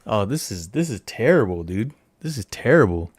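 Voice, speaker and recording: A man's voice: lowish voice, animated, normal speed, gravelly, hardly any pauses, darkish tone, breathy edge, no room sound. A man hosting a casual livestream, rambling and joking at himself as he chats with viewers. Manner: rambling, self-mocking, talks to viewers while searching. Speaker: livestream host.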